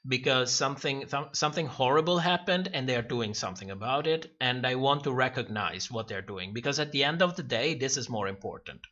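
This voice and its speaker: A man's voice: medium pitch, a little fast, hardly any pauses, sharp tone. Chatty man hosting a livestream, lo-fi sound. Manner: chatty, rambling, laughs often, many restarts. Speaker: livestream host. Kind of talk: casual livestream chat reading comments.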